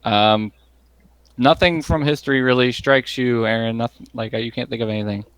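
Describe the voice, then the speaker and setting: A man's voice: mid-range voice, steady tone, moderate pace, fairly bright tone, smooth, dry recording. Hesitant male game master. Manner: hesitant, many ums and likes. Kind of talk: narrating a tabletop game.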